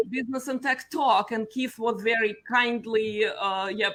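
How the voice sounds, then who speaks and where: A middle-aged woman from Russia with a Russian accent, chatting as a guest with quick, self-deprecating asides. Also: a little high, fairly bright tone, rough recording. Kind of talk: casual chat.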